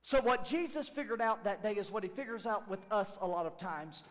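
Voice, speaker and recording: High-voiced pastor preaching in a hall. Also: male voice, normal speed. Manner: swings from low and soft to loud and shouting; acts out quoted dialogue. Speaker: lead pastor. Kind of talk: sermon. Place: church sanctuary. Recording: long reverb of a large hall.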